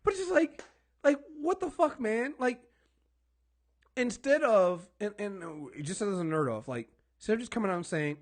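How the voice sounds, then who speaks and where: In a heated, casual rant, this male podcast co-host speaks at normal speed with a high-pitched voice and lively intonation. He curses and hammers his points home, frequently stumbling over words he repeats.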